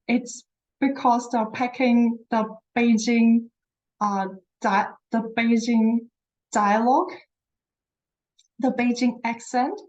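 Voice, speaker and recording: A woman teaching a beginner language class, talking slowly and patiently. Her voice sits a little high, and she repeats each word and praises her learners as she goes. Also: fairly even intonation, darkish tone, highs cut off. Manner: repeats words slowly, encouraging, says "very good". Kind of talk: slow, patient language lesson.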